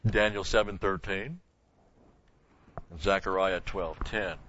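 A man with a lowish but bright, forceful voice teaches a verse-by-verse Bible lesson. He poses questions to the class and answers them himself, repeating key words for emphasis. The recording sounds dull and lo-fi. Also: fairly even intonation, takes it slowly, pauses often, no echo.

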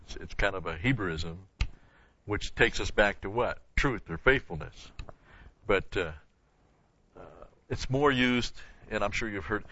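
A man with a lowish but bright, forceful voice teaches a verse-by-verse Bible lesson. He poses questions to the class and answers them himself, repeating key words for emphasis. The recording sounds dull and lo-fi. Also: a little slow, dry recording.

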